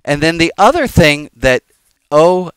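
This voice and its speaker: A man who is a rabbi teaches a casual sermon, chatting with the congregation and wandering into jokes and side stories. His voice is slightly high and smooth and resonant. The sound is close and dry, with no room echo. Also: sing-song, measured pace, fairly bright tone. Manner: conversational, digressive and joking, addressing the congregation.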